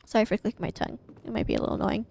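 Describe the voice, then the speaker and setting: A woman's voice: medium pitch, huge pitch swings, rapid-fire, creaky, a little mellow, breathy edge. A young woman from the American Midwest, chatting casually and rambling while she streams a game from home, swearing freely and laughing often. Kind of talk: casual live-stream chat while gaming. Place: home, indoors.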